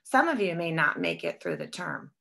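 A woman's voice: lowish voice, huge pitch swings, normal speed, gravelly, heavily acted. Woman doing a barking strict teacher, Southern accent. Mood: threatening. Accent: Southern American. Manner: sharp and commanding. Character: stern strict older female teacher, barking.

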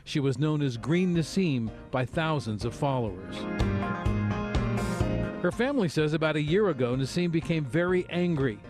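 A man delivering a measured, formal news field report outdoors on a residential street. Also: on the high side, lively intonation, over music.

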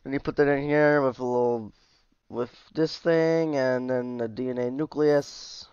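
A man's voice: medium pitch, steady tone, a little slow, darkish tone, smooth, dry recording, lo-fi sound. Tired, chatty man reviewing a game mod. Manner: chatty, easygoing, with asides and trailing off. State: tired, yawning. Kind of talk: casual gameplay commentary.

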